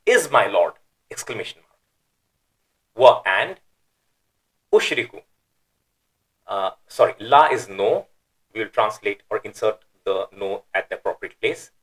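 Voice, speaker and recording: A man's voice: lowish voice, fairly bright tone, poor audio. Man patiently explaining, with emphatic intonation. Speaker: Quran teacher. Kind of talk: explanatory lecture.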